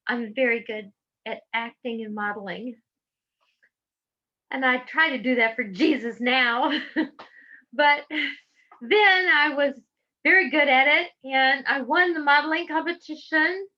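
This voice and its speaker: A woman's voice: high-pitched, measured pace, pauses often, dull audio. A middle-aged woman from Georgia with a Southern accent, giving impassioned public testimony in a fervent, preacherly way. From Georgia, USA. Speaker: public speaker.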